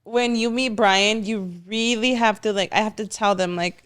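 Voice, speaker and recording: A woman's voice: medium pitch, steady tone, moderate pace, a bit bright, clear, resonant tone. Playful teasing woman on a podcast. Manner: playful, teasing, laughs between lines. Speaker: podcast guest. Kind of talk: casual podcast banter.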